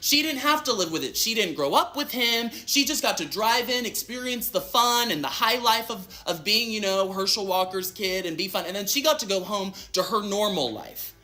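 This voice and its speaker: A man's voice: high voice, animated, sharp tone. A man in a played clip telling a personal story in a chatty, dramatic way, acting out what others said. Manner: chatty, quick, dramatic retelling with acted-out quotes. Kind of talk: casual storytelling in an interview clip.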